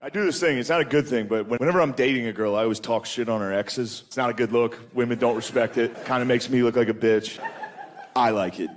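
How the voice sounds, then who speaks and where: Crude stand-up comic with many impressions. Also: male voice, medium pitch, fast. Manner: crude, deadpan storytelling with frequent impressions. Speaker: stand-up comedian. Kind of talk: stand-up comedy set.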